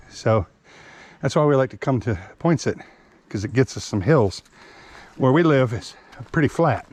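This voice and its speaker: A man's voice: medium pitch, a little mellow. Chatty out-of-breath man hiking outdoors. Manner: chatty, explains gear plainly. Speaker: hiking vlogger. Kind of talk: casual vlog narration while hiking. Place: outdoors on a wooded park trail.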